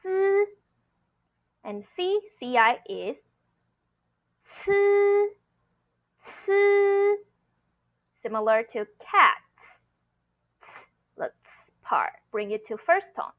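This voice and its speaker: Slightly high-voiced woman teacher, slow patient drills, bit muffled sound. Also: very animated. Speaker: Mandarin teacher. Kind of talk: pronunciation lesson.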